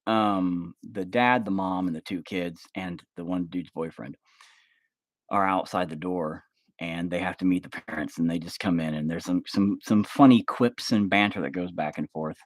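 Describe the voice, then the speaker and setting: A man hosting a livestream who rambles through a casual film pitch, full of fillers and swearing. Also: normal speed, no echo. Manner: rambling, filler-heavy, profane. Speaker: livestream host.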